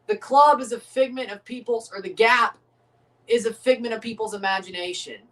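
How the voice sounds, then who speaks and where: A man hosting a live watchalong of a football match, excitable and opinionated, often exclaiming and laughing at the action. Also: sits high, moderate pace, recorded from a distance. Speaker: livestream host reacting to a match.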